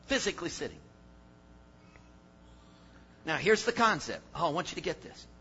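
An older man preaching a sermon, dropping to low asides and then rising to shouted emphasis. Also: normal speed, breathy edge. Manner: animated, swings from low mutters to shouted emphasis. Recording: dull lo-fi sermon recording.

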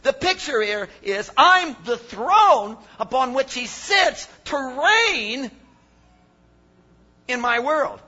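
An older man preaching a sermon, dropping to low asides and then rising to shouted emphasis. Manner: animated, swings from low mutters to shouted emphasis. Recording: dull lo-fi sermon recording.

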